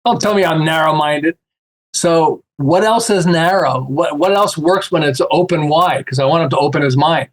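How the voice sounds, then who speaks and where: A man guesting on a podcast, telling stories in a casual, animated way and acting out the voices of the people he quotes. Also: a little high, normal speed, hardly any pauses, breathy edge. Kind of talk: casual storytelling chat.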